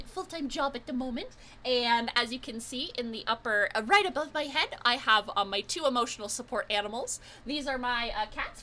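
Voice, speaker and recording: Bright, chatty young streamer. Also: medium pitch, a little hiss or hum. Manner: chatty, effusive, greets viewers. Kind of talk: live game stream chat.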